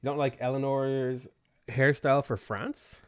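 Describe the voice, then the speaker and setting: A man streaming a game, casually greeting viewers by name and giving quick offhand answers to their questions. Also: mid-range voice, fairly even intonation. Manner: greets chat viewers by name between game setup remarks. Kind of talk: casual live-stream chat.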